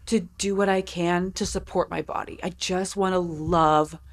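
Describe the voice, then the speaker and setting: A woman in her thirties, co-hosting a podcast and chatting casually. She talks candidly, swears freely and fills her sentences with "like". Her voice sits a little low. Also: steady tone, normal speed. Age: 30s. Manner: candid, profane, many "like" fillers. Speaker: podcast co-host. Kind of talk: casual chat.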